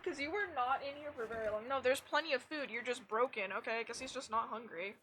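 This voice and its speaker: A woman's voice: on the high side, fast talker, few pauses, pushed and bright, a little hiss or hum. A young woman streaming a game, chatting casually, swearing freely and poking fun at herself. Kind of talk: casual gameplay chat.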